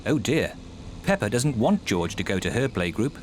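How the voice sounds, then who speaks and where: A man narrating a children's cartoon in a clear, gently amused storytelling manner. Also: on the low side, big pitch swings, normal speed.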